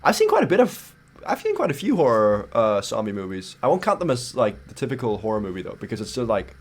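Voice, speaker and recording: Animated guy cohosting a podcast, voice swings up and down a lot, trips over his words. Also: medium pitch, fast talker, slightly rough. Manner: animated, stumbling restarts, playful. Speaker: podcast co-host. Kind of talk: casual chat.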